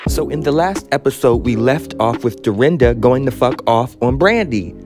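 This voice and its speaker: A man's voice: medium pitch, animated, moderate pace. A man hosting a casual recap podcast, talking brashly with plenty of swearing and chatty asides. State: out of breath. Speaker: podcast host recapping a reality show. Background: music playing underneath.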